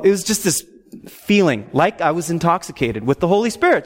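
A man telling a personal faith testimony in an animated, excitable way, with frequent "okay?" asides. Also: a little high, brisk, long reverb tail. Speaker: speaker sharing a faith testimony.

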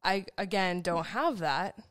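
A woman's voice: fairly low pitch, measured pace, a bit bright, no echo, clean studio sound. A woman co-hosting a podcast, speaking candidly and from the heart about raising her children. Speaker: podcast co-host. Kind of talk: casual conversation.

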